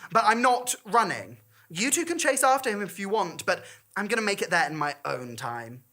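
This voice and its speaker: A weary young woman speaks dryly and a little low, as a narrator puts her on. Her tone is bright but unimpressed. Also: sing-song, moderate pace.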